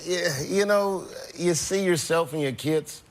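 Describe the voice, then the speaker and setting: A man's voice: on the high side, measured pace. A man telling comic stories as a talk show guest, laughing often and acting out other people's voices. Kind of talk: comic storytelling. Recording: noisy broadcast clip.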